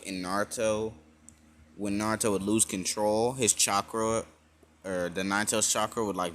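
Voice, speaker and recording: A man's voice: fairly low pitch, fairly bright tone, slight background noise. A man casually retelling a fan-made story, rambling with many fillers and self-corrections.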